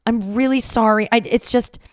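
A woman imitating a flustered middle-aged mother who keeps apologizing in halting, broken phrases. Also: fairly high pitch, steady tone, no echo, clean studio sound, voice pushed up, natural voice.

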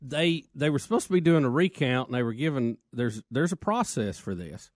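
A man's voice: medium pitch, animated, a little fast, no echo, studio quality. A man co-hosting talk radio, wry and drawling, repeating himself for effect. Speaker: radio show co-host. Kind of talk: casual talk radio chat.

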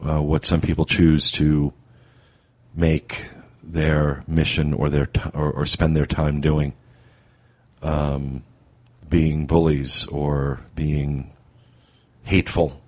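Male podcast host, very low and husky, halting and filler-heavy delivery. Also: level tone. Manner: halting, full of fillers and restarts. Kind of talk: casual podcast talk.

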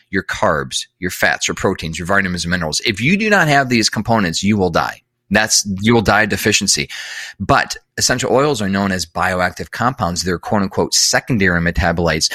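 A man's voice: fairly low pitch, pushed and bright, no room sound, clean studio sound. A man talking as an interview guest, explaining at length in an earnest way, repeating words for emphasis and correcting himself often. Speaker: guest expert.

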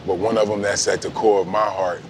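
Interview subject: middle-aged man, very low voice, animated storyteller, laughs easily. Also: fairly quick, noisy background. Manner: animated storyteller, laughs while telling stories. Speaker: interviewee, former pro basketball player turned cannabis entrepreneur.

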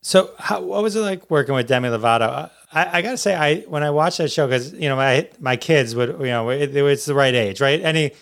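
A man hosting a casual interview, asking relaxed, chatty questions with halting restarts. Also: on the high side, vocal fry.

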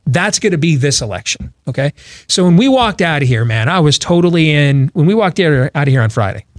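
A man's voice: on the high side, sing-song, fairly quick, dry recording, studio quality. A man hosting a political talk show, talking emphatically with rhetorical questions and frequent restarts.

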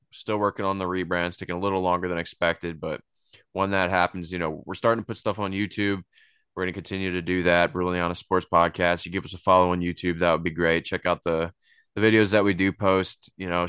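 Deep-voiced laid-back male podcast host. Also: fairly bright tone, smooth, no room sound, studio quality. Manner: laid-back, rambling, laughs often. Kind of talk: casual sports podcast chat.

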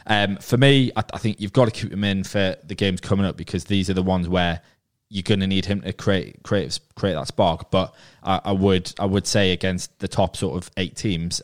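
Man, very low voice, casual football chat with halting restarts. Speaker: podcast regular.

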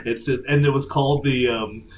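A man's voice: mid-range voice, fairly even intonation, brisk, highs cut off, slight background noise. A man co-hosting a casual podcast chat, rambling in a laid-back way. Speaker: podcast co-host.

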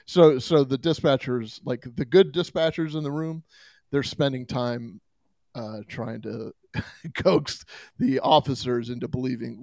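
A man's voice: mid-range voice, measured pace, creaky, a little mellow, no echo. A man hosting a podcast, chatting casually and backing up his guest with emphasis. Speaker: podcast host. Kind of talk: casual chat. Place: studio.

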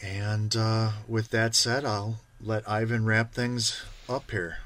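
A man's voice: lowish voice, flat delivery, takes it slowly, a bit bright. A man co-hosting a live sports card show, thanking sponsors and plugging upcoming boxes in a casual, upbeat way. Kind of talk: casual live-stream chat.

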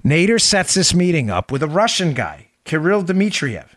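A man's voice: a little high, very animated, normal speed, fairly bright tone, dry recording, studio quality. A middle-aged man hosting a political commentary podcast, talking in an emphatic, incredulous way and repeating his points for effect. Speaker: podcast host.

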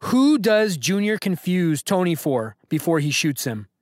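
A man's voice: high voice, sing-song, unhurried, darkish tone, no room sound, studio quality. A man hosting a podcast trivia quiz, reading questions to callers and hyping them up with playful banter. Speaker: podcast host and quizmaster.

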